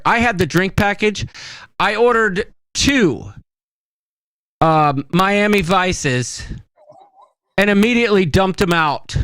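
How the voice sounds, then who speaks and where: High, lively-voiced male podcast host. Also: dry recording. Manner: rambling storyteller, many fillers. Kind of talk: casual chat.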